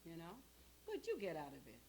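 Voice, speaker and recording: A woman presenting a parenting workshop in a church hall, emphatic and animated as she talks straight to the audience. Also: lowish voice, brisk. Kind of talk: interactive church workshop teaching.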